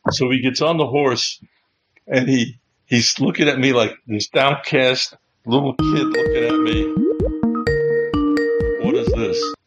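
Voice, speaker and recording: A man hosting a livestream show, telling a funny story in an animated way and laughing as he goes. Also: medium pitch, unhurried, muffled recording, over loud music. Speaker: Bible teaching show host. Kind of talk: casual storytelling.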